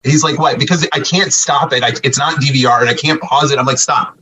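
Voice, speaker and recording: A man, a podcast guest, telling a lively story in casual chat and acting out the quoted lines of other people. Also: medium pitch, fairly quick, husky, distant mic, poor audio. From US Northeast. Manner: animated, acts out quoted dialogue.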